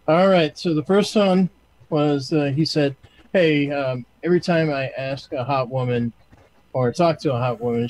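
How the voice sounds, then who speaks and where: A man casually telling a genie joke in a halting way, with many fillers. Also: medium pitch, darkish tone, a little hiss or hum, low-quality recording. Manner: halting, filler-heavy storyteller.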